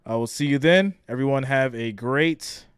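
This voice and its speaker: A man's voice: mid-range voice, moderate pace, clear, resonant tone, no echo, studio quality. A man from New York hosting a live stream in a casual chat style. He reads viewer guesses aloud and laughs often.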